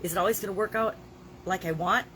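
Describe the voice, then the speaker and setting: A woman in her sixties records her daily video diary at a quick clip, her voice medium in pitch. She has a cold and a scratchy throat, yet she stays chatty and emphatic, coughing now and then.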